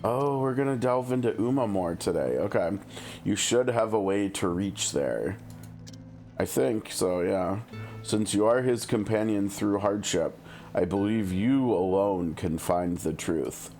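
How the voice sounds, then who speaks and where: A man's voice: lowish voice, unhurried, darkish tone. A man chatting casually while streaming a game, musing and thinking aloud. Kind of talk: casual gameplay commentary. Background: game music.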